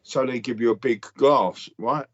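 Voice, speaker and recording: A man's voice: medium pitch, moderate pace. Sweary man ranting, slightly muffled. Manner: blunt, sweary ranting storyteller. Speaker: podcast co-host. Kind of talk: casual chat.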